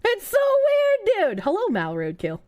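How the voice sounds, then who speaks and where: A woman's voice: very high voice, huge pitch swings, unhurried, darkish tone. A woman streaming live, reacting in a sarcastic, incredulous and profane way with frequent laughs. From United States. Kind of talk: casual livestream reaction.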